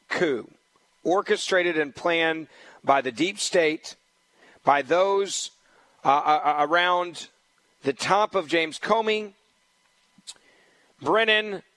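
A man's voice: high-pitched, fairly bright tone, poor audio. A man hosting a political talk radio show as a fill-in, talking in an emphatic, combative way and repeating points for stress.

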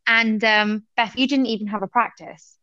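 A woman's voice: fairly high pitch, fairly even intonation, moderate pace, sharp tone, dry recording. A woman from England co-hosting a podcast, chatting and teasing her friend in a playful way. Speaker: podcast co-host. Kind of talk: casual chat. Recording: dull, dry remote call audio.

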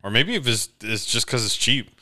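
A man co-hosting a podcast, telling a story in casual chat, animated and profane, acting out the people he quotes. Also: mid-range voice, moderate pace. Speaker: podcast co-host.

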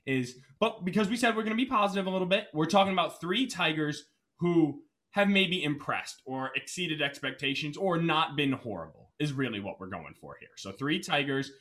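A man co-hosting a casual sports podcast, laying out statistics in a steady, level-headed way. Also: a little high, normal speed. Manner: steady, reads out stats, calms his partner. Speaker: podcast co-host.

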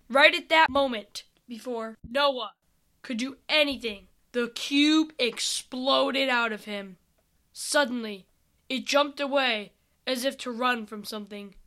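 A woman reading an adventure story aloud, calm and unhurried. Her voice is high and bright, and she keeps an even storybook pace.

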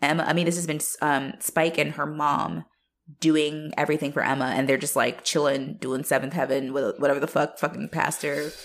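A young woman co-hosting a podcast, recapping a show in casual chat, animated and profane, laughing as she acts out the characters. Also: deep voice, fairly quick. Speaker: podcast co-host.

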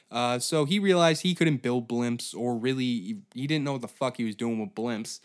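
A man's voice: medium pitch, normal speed. A man hosting a comedy podcast, telling a story in a profane, rambling, sarcastic way. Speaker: podcast host.

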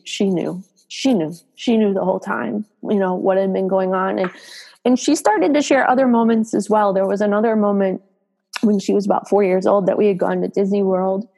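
Middle-aged woman, tearful, emotional storytelling guest; jumps up in pitch for quoted lines. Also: fairly even intonation, moderate pace, vocal fry, mellow, poor audio. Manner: emotional, acts out quoted dialogue with raised pitch. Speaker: guest, mother and advocate. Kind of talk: personal storytelling in an interview.

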